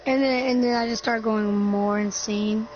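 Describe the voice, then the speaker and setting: A woman's voice: on the high side, steady tone, normal speed, darkish tone. A woman improvising her part in a roleplay, describing her own actions casually. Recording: dull lo-fi recording with music.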